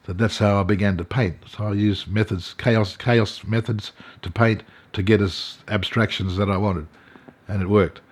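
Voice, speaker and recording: An older Australian man, an artist and elder, telling his story in an interview, halting, with many fillers and restarts. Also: on the low side, fairly even intonation, slightly rough. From Central Australia.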